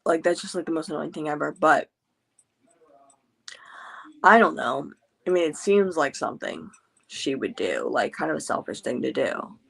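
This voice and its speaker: A woman's voice: sits low, expressive, normal speed, creaky, long pauses, breathy edge. A woman hosting a casual book club chat at home, talking loosely with lots of fillers and restarts. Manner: chatty, many filler words and restarts.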